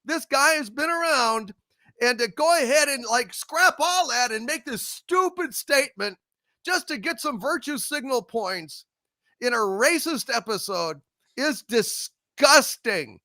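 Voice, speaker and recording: A man's voice: very high-pitched, expressive, unhurried, sharp tone, dry recording. A man hosting a review panel, ranting furiously with heavy profanity and stammering restarts. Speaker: channel host.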